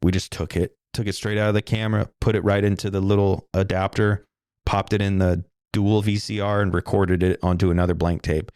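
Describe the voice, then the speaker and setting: Low-voiced middle-aged man rambling solo. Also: flat delivery, a little fast, a little mellow, clean tone, dry recording, studio quality. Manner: casual, profane, digressive. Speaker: podcast host.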